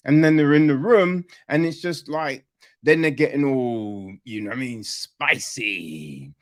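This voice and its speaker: A man's voice: medium pitch, lively intonation, a little slow. A man reviewing a film on a podcast in casual chat, rambling and swearing freely as he picks it apart.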